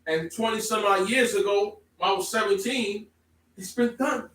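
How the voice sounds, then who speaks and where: A man preaching a sermon to a congregation, emphatic, moving from calm explaining to loud exclamations. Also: high-pitched, moderate pace. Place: congregation hall. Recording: echoey room, from far off.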